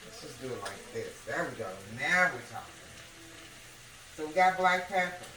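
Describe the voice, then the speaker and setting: A woman hosting a casual home cooking demonstration, talking the viewer through each step and checking in with a quick "okay?" again and again. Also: low-pitched, animated, bright, forceful tone, a little hiss or hum. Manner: chatty, keeps checking in with the viewer by asking "okay?". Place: home kitchen. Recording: echoey kitchen with background music.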